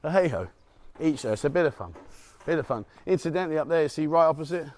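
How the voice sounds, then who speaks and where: This walk-and-talk street vlog features a middle-aged man joking and chatting as he walks outdoors down a city street at dawn, chuckling at his own remarks, captured on a handheld camera. His fairly high, darkish voice is animated and fast.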